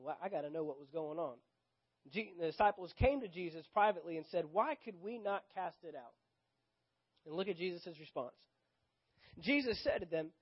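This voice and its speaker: A man's voice: sits high, muffled recording. A man preaching a sermon as pastor, with a Southern US accent, repeating key phrases for emphasis and acting out the dialogue of the scripture he reads. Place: church sanctuary.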